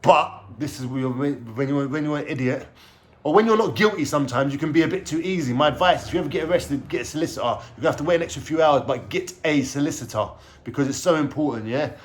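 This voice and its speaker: A vlogger with a London accent tells his life story to camera, casual and animated, packed with heavy street slang and frequent swearing. His voice is fairly high-pitched and he talks fast.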